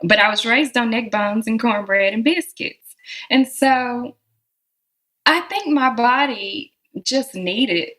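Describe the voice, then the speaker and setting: A woman with a Southern American accent, speaking as a guest in a relaxed, reflective interview and laughing often. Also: on the high side, slow pace, rough recording. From Southern United States. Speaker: guest musician.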